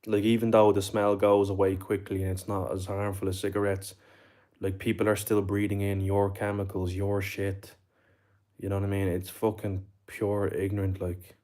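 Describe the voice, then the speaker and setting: A man's voice: deep voice, monotone, normal speed, darkish tone. A young Irish man chatting with his livestream viewers, swearing constantly and tagging his lines with bro and like. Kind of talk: casual chat with viewers.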